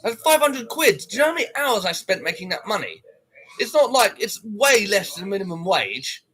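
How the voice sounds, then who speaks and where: A man's voice: sits high, very animated, normal speed, pushed and bright, a little hiss or hum. A man livestreaming, ranting to his viewers in an aggrieved, swearing, rambling way.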